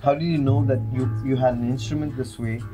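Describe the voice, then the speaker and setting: A man's voice: mid-range voice, steady tone, fairly quick, over music, poor audio. Easygoing male interviewer. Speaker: host, interviewer. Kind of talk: casual interview chat.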